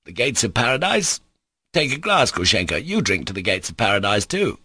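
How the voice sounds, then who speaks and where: A man's voice: fairly low pitch, big pitch swings, brisk, pushed and bright, breathy edge, dry recording, heavily acted. A man reading an audiobook voices a spiteful young man who talks in a taunting, sneering way.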